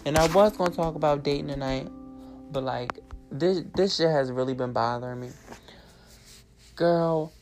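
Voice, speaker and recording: A young woman with a notably low-pitched voice hosts her own podcast. She tells a rambling story in a chatty, blunt way and swears freely. Guitar music plays clearly underneath. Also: moderate pace, long pauses, a little mellow. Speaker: podcast host. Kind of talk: casual storytelling monologue.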